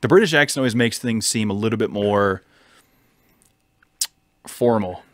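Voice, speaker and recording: A man's voice: lowish voice, moderate pace, fairly bright tone, no room sound. A man co-hosting a podcast in a casual chat, teasing and quizzing his co-host, recorded in a studio.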